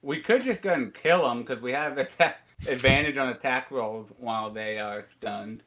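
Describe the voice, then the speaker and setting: A man's voice: medium pitch, moderate pace, fairly bright tone, low-quality recording. A man playing a tabletop game on a call, talking practically and checking the rules. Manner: practical, reads rules aloud. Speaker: player. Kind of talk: casual tabletop game talk.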